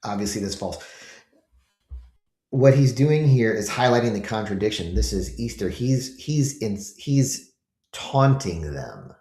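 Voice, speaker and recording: A man's voice: on the low side, animated, a little slow, a little mellow, reverberant. A man hosting his own show, giving casual commentary with emphatic rhetorical questions to his viewers. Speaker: host.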